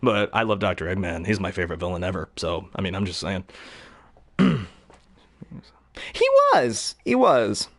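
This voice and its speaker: A man's voice: low voice, lively intonation, brisk, gravelly. A young man chatting casually about voice acting, rambling with lots of fillers and laughs. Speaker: hobby voice actor. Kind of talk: casual chat.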